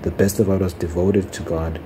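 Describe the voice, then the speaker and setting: A man's voice: deep voice, level tone, normal speed, noisy background, close to an everyday voice. A man reading the lines of a defensive ancient male king making excuses, in a plain, slightly insistent ASMR scripture reading.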